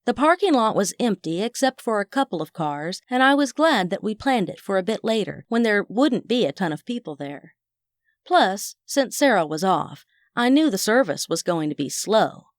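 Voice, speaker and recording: A woman's voice: medium pitch, sing-song, normal speed, no echo, studio quality. A woman narrating a first-person audiobook in a wry, chatty manner.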